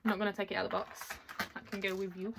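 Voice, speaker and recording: A woman chatting casually as she unboxes items at home, excitable and quick to laugh. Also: medium pitch, vocal fry, noisy background. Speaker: vlogger. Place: at home, in a bedroom.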